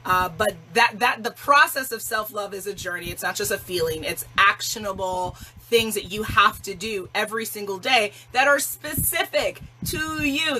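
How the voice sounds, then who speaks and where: Female livestream host, casual and emphatic, laughs often, bright forceful tone. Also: mid-range voice, poor audio. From Jamaican family. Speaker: self-love challenge host.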